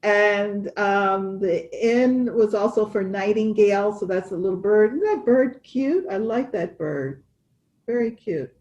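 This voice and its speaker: Woman co-host, unhurried, rambling friendly stitch talk. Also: mid-range voice, a little mellow, dull audio. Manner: chatty, wandering, with restarts and laughs. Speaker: cross-stitch podcast co-host. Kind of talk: casual chat showing stitching.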